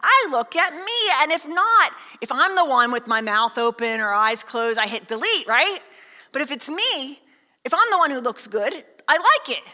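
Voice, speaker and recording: A woman pastor preaching a sermon in a conversational, lively storytelling way with many asides. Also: high-pitched, normal speed, big-room sound.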